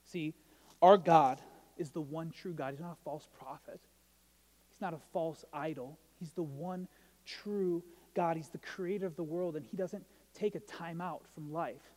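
A man's voice: fairly high pitch, fairly even intonation, measured pace, a little mellow, big-room sound. A male pastor giving a casual, conversational sermon, often asking the listeners "right?" and telling humorous stories. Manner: conversational, asks the crowd "right?", tells jokey stories.

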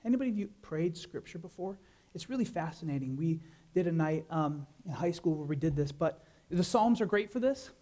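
A man pastor preaching a sermon, animated, with many rhetorical questions and repeated words. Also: fairly high pitch, a little fast.

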